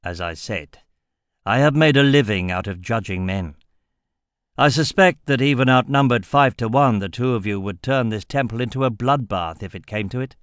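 A man voicing a shrewd older merchant who speaks in a slow, measured, calculating way. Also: mid-range voice, clear, resonant tone, no echo, studio quality, natural voice. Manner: slow, deliberate.

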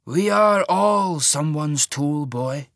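A man voicing an old, rotund mage lord who speaks slowly with a genial, softly menacing manner. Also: a little high, lively intonation, creaky, no echo, clean studio sound, pitched above the performer's own voice, exaggerated voice. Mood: genially menacing. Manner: slow, measured, softly menacing.

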